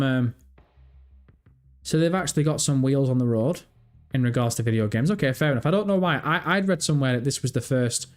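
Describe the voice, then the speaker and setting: A gaming livestream host rambles through casual chat on stream, thinking aloud and reading out chat messages and search results. His voice is mid-range with a darkish tone.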